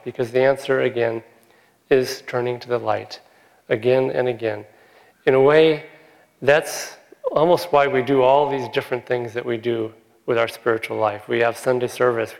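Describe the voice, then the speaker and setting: A man with a gravelly, creaky voice gives a gentle spiritual talk, chuckling softly through his stories. He sounds like he is in a large hall, with a long reverb trailing his words. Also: mid-range voice. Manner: gentle, chuckles often while telling stories. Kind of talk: informal spiritual talk with anecdotes.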